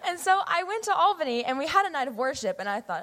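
A young woman in her late teens from the US Pacific Northwest, giving an earnest, animated personal testimony into a church microphone. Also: sits high, fast talker. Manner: earnest, animated, acts out her past self in quotes. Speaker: youth member giving testimony. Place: church sanctuary. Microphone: microphone at a pulpit or stage.

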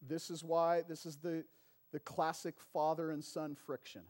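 A man preaching a sermon in a conversational way, often calling for an "amen" from the congregation and rising to loud emphatic peaks on key lines. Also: a little high, flat delivery, moderate pace. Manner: conversational preaching with frequent call-and-response "amen" and "right". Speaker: pastor.

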